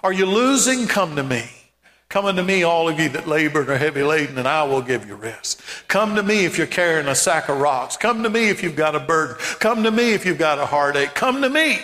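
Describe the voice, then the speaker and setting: A man preaching a sermon as pastor, emphatic, with repeated calls and rising shouts. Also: a little high, animated, brisk, in a large hall.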